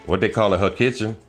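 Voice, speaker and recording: A man hosting a casual live stream, rambling loudly through jokes and teasing his viewers, often breaking into laughter. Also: fairly low pitch. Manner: loud joking rambles, bursts of laughter, mock voices.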